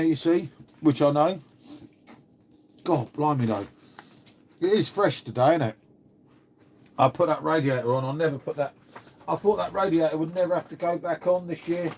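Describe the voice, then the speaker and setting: A man's voice: on the high side, darkish tone, a little hiss or hum. An English man hosting a casual live stream from home, rambling chattily, swearing now and then and answering his chat. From England.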